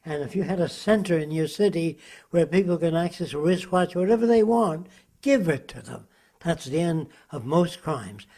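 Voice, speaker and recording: An elderly man in his nineties answers an interviewer at length, sounding emphatic and preachy. His voice sits a little high, and he keeps throwing rhetorical questions at his listener. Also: warm tone. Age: 90s.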